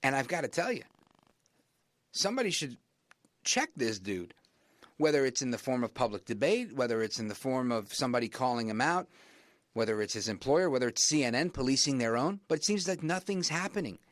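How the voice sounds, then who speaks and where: A man delivers an emphatic talk radio monologue in a middle-range voice. He keeps rising in pitch to drive his points home. The studio sound is dry and close, with no room around him. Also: very animated, brisk, dry recording.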